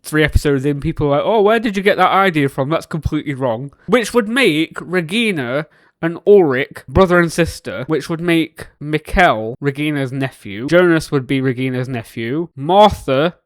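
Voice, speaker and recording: Excitable man reacting out loud. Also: fairly high pitch, moderate pace, no room sound, clean studio sound. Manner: excitable, swinging between shouting and muttering. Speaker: reaction video host. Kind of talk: reacting to a TV series.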